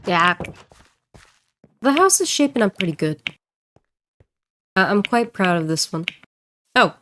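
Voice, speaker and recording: A woman streamer and voice actor chatting casually while she plays, rambling and joking and quick to laugh. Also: mid-range voice, very animated, a bit bright, a little hiss or hum. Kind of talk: casual livestream chat while gaming.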